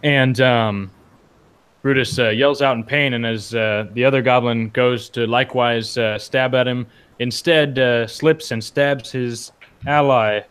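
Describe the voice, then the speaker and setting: A man narrating as game master, relaxed and full of small pauses. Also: medium pitch, smooth. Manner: relaxed, full of fillers and restarts.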